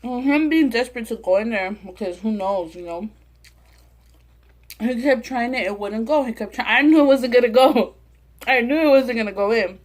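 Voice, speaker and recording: A woman's voice: on the high side, normal speed. Profane storytelling woman. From Southern California. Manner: profane, animated, acts out quotes. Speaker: mukbang vlogger. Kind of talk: casual storytelling to camera.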